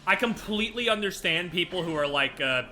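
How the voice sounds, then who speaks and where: A man's voice: high-pitched, expressive, fairly quick, bright, forceful tone. A man streaming a video game, ranting casually with lots of laughter and swearing. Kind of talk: casual gameplay stream commentary.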